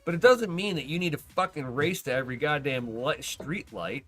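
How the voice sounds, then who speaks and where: A man hosting a podcast in casual chat, telling stories excitedly, swearing a lot and laughing often. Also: a little high, moderate pace, soft background music. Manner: profane, excitable storyteller who laughs often. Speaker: podcast host.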